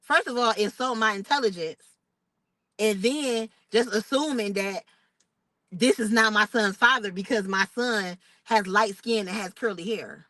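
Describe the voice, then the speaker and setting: A young woman, telling a personal story in a casual vlog, animated and expressive. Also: mid-range voice, measured pace, dry recording, poor audio. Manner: animated, expressive retelling with outraged quoted asides. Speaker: vlogger.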